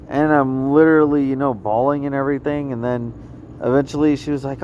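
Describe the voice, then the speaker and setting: A man rambling through a personal story in a halting, repetitive vlog, often trailing off and restarting. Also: mid-range voice, fairly even intonation, darkish tone, slight background noise. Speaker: vlogger.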